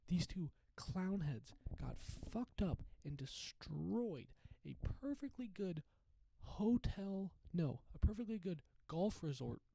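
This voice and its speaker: A man's voice: fairly high pitch, gravelly, warm tone, poor audio. A young man hosting his own podcast, telling a rambling, profane comedy story with lots of restarts. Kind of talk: casual storytelling monologue.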